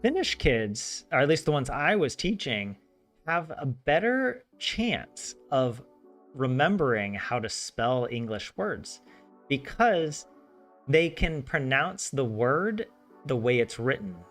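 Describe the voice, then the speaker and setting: Animated Southern American man. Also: medium pitch, slow pace. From southern United States. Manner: rambling, many "like" fillers, animated asides. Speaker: language learner host. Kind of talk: casual study vlog. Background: soft game music.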